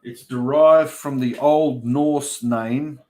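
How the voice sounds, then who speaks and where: A man's voice: mid-range voice, fairly even intonation, slow, a little mellow. Australian man yarning on a livestream. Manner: chatty, yarning storyteller. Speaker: livestream host. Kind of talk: casual livestream chat reading comments.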